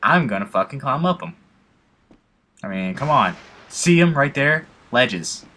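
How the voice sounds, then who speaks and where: Bright-voiced young man swearing through gameplay. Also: mid-range voice, animated, measured pace. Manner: emotional, swearing, self-mocking rambling. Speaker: let's play gamer. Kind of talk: casual gameplay commentary.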